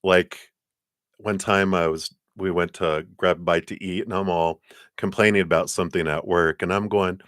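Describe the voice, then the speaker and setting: A man giving a live-streamed tarot reading in a chatty, animated way, laughing often as he tells stories. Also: deep voice, moderate pace, no echo, studio quality. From lives in Colorado. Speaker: tarot card reader.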